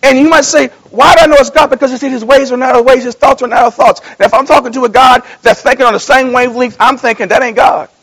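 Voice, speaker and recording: High-voiced preacher with folksy swings. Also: male voice, fairly even intonation, fast, hardly any pauses, poor audio. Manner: folksy storytelling, swings from low mumbling to loud exhortation; repeats and restarts phrases. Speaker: pastor. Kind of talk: sermon.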